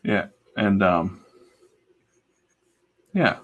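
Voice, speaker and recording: Husky, chatty male comic artist. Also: sits low, very animated, drawn-out words, a bit bright, dull audio. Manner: chatty, digressive, full of fillers. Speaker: comic artist livestreaming while drawing. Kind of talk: casual rambling storytelling.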